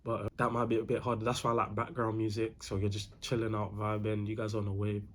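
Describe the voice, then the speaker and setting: A man's voice: lowish voice, monotone, fast talker, slight background noise. A young man giving casual dating advice, slangy and repetitive, calling the listener bro. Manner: slangy, repeats himself, calls the viewer bro.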